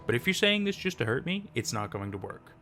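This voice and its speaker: A man's voice: mid-range voice, big pitch swings, brisk, sharp tone, a little hiss or hum. A man voicing a mother in stubborn denial. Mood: defensive. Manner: defensive, scolding.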